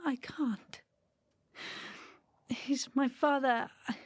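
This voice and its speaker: An actress playing a lonely, haunted girl who talks softly and hesitantly. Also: high voice, takes it slowly, husky, heavily acted. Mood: gentle. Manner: soft and hesitant, fearful.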